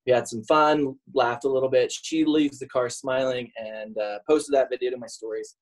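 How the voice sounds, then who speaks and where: A man in his forties talks as a podcast guest in easy, casual conversation. He tells stories about himself with a joking, self-mocking manner and a medium-pitched voice. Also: fairly even intonation, moderate pace, low-quality recording. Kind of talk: casual interview chat.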